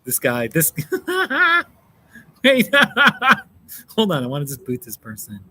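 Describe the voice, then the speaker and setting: A man's voice: mid-range voice, wildly swooping pitch, unhurried, pushed and bright. Chatty American man hosting a live stream. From United States. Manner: chatty, reads out and answers chat, laughs often. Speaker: livestream host. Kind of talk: casual live stream chat.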